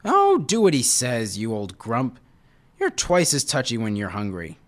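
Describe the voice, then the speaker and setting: A man's voice: medium pitch, huge pitch swings, measured pace. A man reading aloud, voicing a cheeky, mocking male monkey. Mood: teasing.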